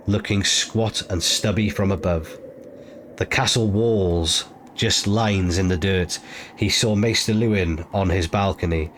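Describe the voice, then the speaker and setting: A man reading an audiobook chapter in a measured, steady narration. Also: low-pitched. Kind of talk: scripted narration. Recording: noisy ambient background.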